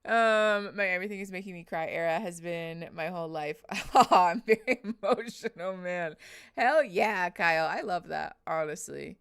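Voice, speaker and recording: A woman's voice: lowish voice, normal speed, fairly bright tone, smooth. Chatty woman hosting a livestream. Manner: chatty, emotional, reading chat names aloud with laughs. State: teary after crying. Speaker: livestream host. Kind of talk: casual livestream chat.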